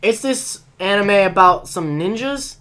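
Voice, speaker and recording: Male podcast host, sharp bright tone, dry joking banter. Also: sits high, lively intonation, a little slow, clean tone. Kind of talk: casual chat.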